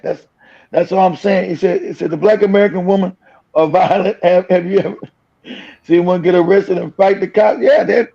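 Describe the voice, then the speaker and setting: A man's voice: sits high, creaky, a little mellow. A man hosting a streamed reaction show, speaking bluntly and profanely and laughing often. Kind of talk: reaction commentary. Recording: dull lo-fi stream audio.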